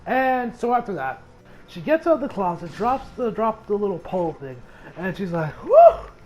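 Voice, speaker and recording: A young man giving a casual, excitable recap of an anime episode, swearing freely and rambling with restarts. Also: high voice, moderate pace, a little hiss or hum. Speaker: anime reviewer.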